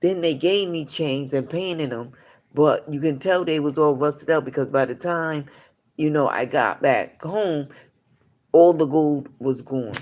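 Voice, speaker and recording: A man's voice: on the high side, measured pace, darkish tone. A man telling long, rambling stories on a live stream, full of "you know" asides. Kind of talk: casual rambling storytelling.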